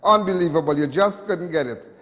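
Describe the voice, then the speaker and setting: A man's voice: a little high, brisk, fairly bright tone, long reverb tail. Chatty Trinidadian male talk show host. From Trinidad and Tobago. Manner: chatty, repetitive, with many restarts and asides. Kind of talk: live TV talk show monologue.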